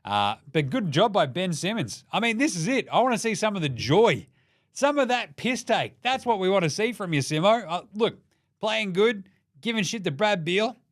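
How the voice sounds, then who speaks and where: A man's voice: high voice, very animated, normal speed, no room sound, studio quality. A young Australian man hosting a casual basketball podcast, irreverent and sweary, joking through the day's results. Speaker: NBA podcast host. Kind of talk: casual sports commentary.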